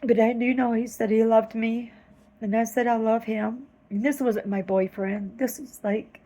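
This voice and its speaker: A woman earnestly retelling a vivid dream in a slow, halting way, close to tears at times. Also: fairly high pitch, fairly even intonation, dark tone, poor audio. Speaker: vlogger telling a dream. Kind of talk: personal storytelling.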